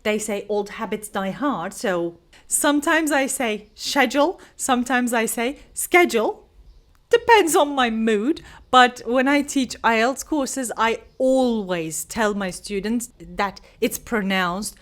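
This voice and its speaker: A young woman, an English teacher giving an unhurried pronunciation lesson to camera, explaining each word with example sentences. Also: on the high side. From Turkey.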